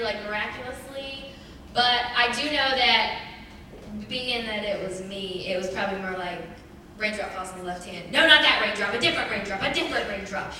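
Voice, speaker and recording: A young woman sharing a personal testimony with a church congregation, chatty and animated, with many "like" fillers. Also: fairly high pitch. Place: church hall. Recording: very echoey church hall, distant mic, faint noise.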